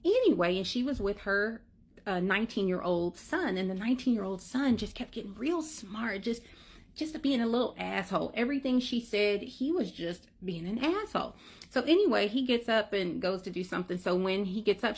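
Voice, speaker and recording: A woman telling a funny story to her viewers in a lively, comic way, often calling out to them as "y'all.". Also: medium pitch, moderate pace. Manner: animated, comic, addresses listeners as "y'all". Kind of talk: casual storytime.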